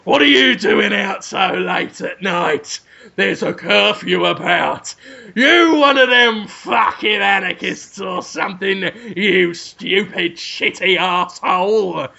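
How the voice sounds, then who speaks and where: Brief: a man as a thuggish fascist cop, gravelly, bright and loud, slightly muffled audio. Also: sits high, slow pace, full character voice. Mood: menacing. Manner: shouting, crude threats. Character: brutish foul-mouthed male fascist policeman.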